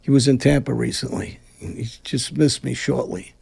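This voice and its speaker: Man, gravelly and dark, talks tough and blunt. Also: medium pitch, fairly even intonation, moderate pace. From Brooklyn, New York. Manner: blunt, combative, profane. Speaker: guest, former mafia figure. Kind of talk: casual interview talk.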